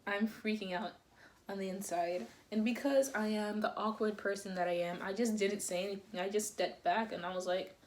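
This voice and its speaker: A young woman telling a casual storytime to camera, animated and dramatic, often breaking into laughter. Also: medium pitch, moderate pace.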